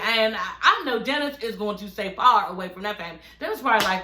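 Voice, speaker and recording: A woman giving a brash, profane, animated recap of a reality show from her living room. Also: a little high, quick pace, hardly any pauses. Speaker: recap vlogger. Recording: echoey room.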